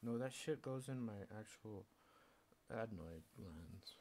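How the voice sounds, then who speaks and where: A man's voice: on the low side, animated, unhurried, darkish tone. A young man streaming, rambling in a casual monologue, sardonic and swearing freely.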